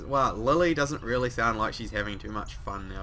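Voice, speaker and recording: A man's voice: lowish voice, normal speed, sharp tone, slight background noise. A young man reading a visual novel aloud, breaking off into joking, sweary asides. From New Zealand. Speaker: let's play host.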